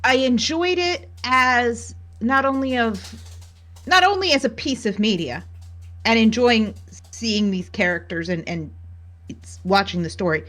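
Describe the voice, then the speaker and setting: A woman's voice: fairly high pitch, unhurried, a bit bright, faint music behind. A woman co-hosting a podcast, talking thoughtfully over a remote call and building her points with restarts. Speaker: podcast co-host. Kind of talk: casual chat.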